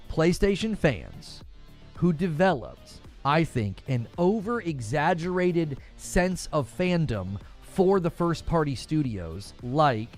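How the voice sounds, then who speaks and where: Animated man hosting a gaming stream. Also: medium pitch. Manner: animated, incredulous, rambling. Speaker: gaming show host. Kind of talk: live-stream chat answering viewers. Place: home.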